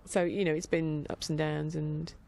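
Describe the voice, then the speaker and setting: A woman's voice: low voice, flat delivery, normal speed, vocal fry, darkish tone, slight background noise. A middle-aged woman rambling casually as a podcast host, chatty and meandering. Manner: chatty, meandering, with frequent restarts and laughs.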